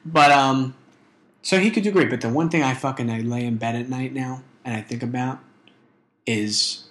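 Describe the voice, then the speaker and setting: A man's voice: medium pitch, moderate pace, reverberant. A man in casual chat, rambling and swearing often as he makes his points. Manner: profane, rambling, animated.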